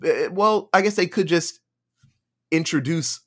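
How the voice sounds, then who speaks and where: Male podcast host, slightly high, very expressive pitch, lively and profane. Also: measured pace. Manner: lively, swearing, acts out characters. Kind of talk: casual podcast chat.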